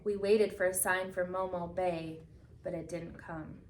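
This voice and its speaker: A woman reading a picture book aloud with expressive storytelling, slowing down for the solemn moments. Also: on the low side, a little hiss or hum. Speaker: reader. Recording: echoey room from a distance.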